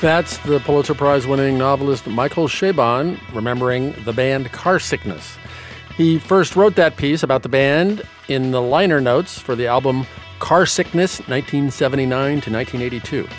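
A man's voice: mid-range voice, moderate pace, faint music behind. A man hosting a public radio show, delivering polished scripted links and introductions. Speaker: radio host.

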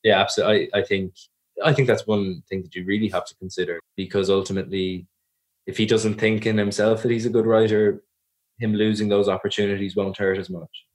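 A young Irish man, an actor being interviewed on a podcast, answering in a thoughtful, measured way and often correcting himself mid-sentence. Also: on the low side, little pitch movement. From Ireland. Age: young adult. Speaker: actor guest.

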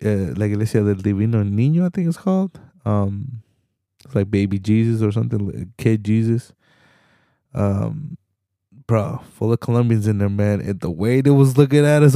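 On his solo podcast, a young man delivers a rambling, casual rant full of slang and swearing, saying "man" constantly. His voice is low and warm. The recording is studio quality with no echo.

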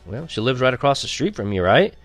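A man's voice: mid-range voice, very animated, fairly quick, no echo, voice pushed up. A man voicing a cocky teenage boy who is the narrator's best friend, offhand and teasing.

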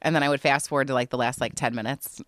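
A woman's voice: extremely low pitch, fairly even intonation, fast talker, fairly bright tone, no echo, clean studio sound. A woman co-hosting a podcast, animatedly recapping a TV episode in casual chat, emotional and full of fillers. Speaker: podcast co-host.

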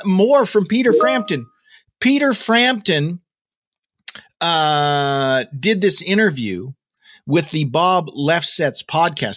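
A man's voice: on the high side, a bit bright. A man hosting a daily rock news podcast, talking casually with jokey asides and plenty of fillers and restarts. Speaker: podcast host.

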